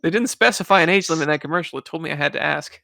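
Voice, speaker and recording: A man hosting a podcast, telling animated stories and laughing often. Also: on the high side, racing, creaky, dry recording, clean studio sound. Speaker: podcast host. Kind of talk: casual chat.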